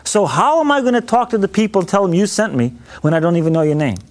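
A man's voice: sits high, expressive, fast. A man voicing a reluctant male prophet who protests in whiny, pleading questions and stutters.

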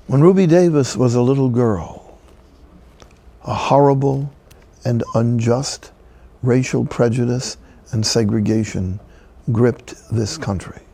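An older man, a Catholic friar and priest, delivers a broadcast sermon as measured storytelling with solemn pauses. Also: medium pitch, vocal fry, mellow, slightly rough.

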